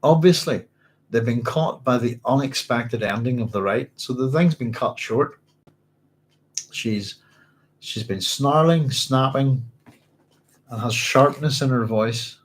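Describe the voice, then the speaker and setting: A man's voice: mid-range voice, takes it slowly, pauses often, poor audio. A man hosting a book club at home, reading a novel aloud and musing over it in a rambling, self-correcting way.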